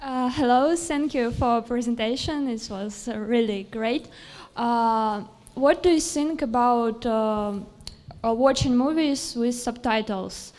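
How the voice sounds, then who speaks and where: Slow, hesitant woman asking a question. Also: on the high side, a little mellow. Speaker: audience member asking a question.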